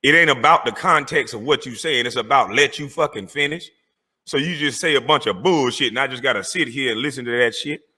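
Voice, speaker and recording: Man, husky voice, furious profane rant, confrontational call-out. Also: medium pitch, brisk, sharp tone. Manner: confrontational, cursing, calling out rivals. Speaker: online commentator.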